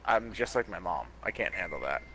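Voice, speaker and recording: A young man chatting casually on a gaming stream, telling an animated story about a family argument. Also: sits low, fairly quick, a little hiss or hum, rough recording.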